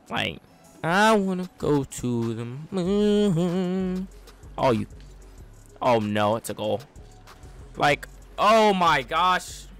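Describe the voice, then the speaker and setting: A young gaming streamer gives excitable, trash-talking live commentary on his own gameplay. He swings between loud outbursts and low mutters.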